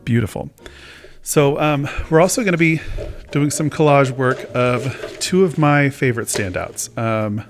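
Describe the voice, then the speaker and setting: A man's voice: medium pitch, unhurried, faint music behind. A man hosting his own casual talk show, rambling and joking at his own expense. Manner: rambling, self-mocking, chatty. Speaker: host. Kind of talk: casual chat.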